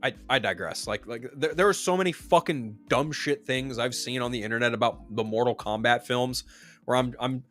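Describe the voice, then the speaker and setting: A man's voice: medium pitch, moderate pace, a bit bright, soft background music. A man streamer giving a casual, profane, emphatic rant about movie news.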